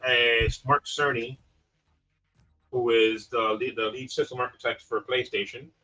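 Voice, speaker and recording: A man co-hosting a casual gaming podcast, wry and joking, his volume swinging between loud and soft. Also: mid-range voice, steady tone, a little slow. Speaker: podcast co-host, gaming specialist. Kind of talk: casual chat. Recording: dull lo-fi sound with faint music.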